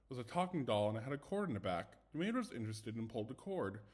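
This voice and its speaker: A man's voice: mid-range voice, sing-song, fast, darkish tone. A young man casually reading ghost stories aloud, chatty and stumbling over words, with asides, recorded without a proper microphone. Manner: chatty, self-commenting, stumbles and restarts. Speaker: story reader. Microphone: no dedicated microphone.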